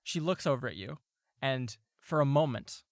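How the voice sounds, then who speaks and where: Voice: mid-range voice, animated, moderate pace, dry recording, studio quality. A game master narrating a tabletop game, rambling with lots of fillers and frequent laughs.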